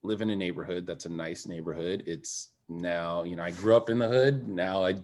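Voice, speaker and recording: This podcast guest, a former Olympic swimmer, is a man with a deep voice speaking at a moderate pace. He tells a personal story candidly and emphatically, animated as he drops quiet and then rises again.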